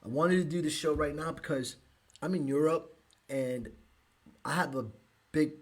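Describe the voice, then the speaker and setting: Emotional American man hosting a podcast. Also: fairly high pitch. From United States. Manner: emotional, halting, frequent restarts and sighs. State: emotional, close to tears. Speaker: podcast host. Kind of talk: live podcast commentary.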